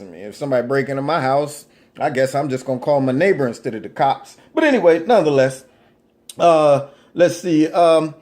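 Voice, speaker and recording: A man's voice: mid-range voice, darkish tone. A man vlogging, reading items off a list and reacting with mock outrage, ironic and loose with casual slang. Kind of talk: sarcastic political commentary reading from a list.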